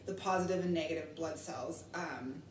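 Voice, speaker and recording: A woman in casual chat, calmly explaining things in plain terms. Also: deep voice, normal speed, distant mic. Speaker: podcast co-host. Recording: echoey room, off-mic, faint noise.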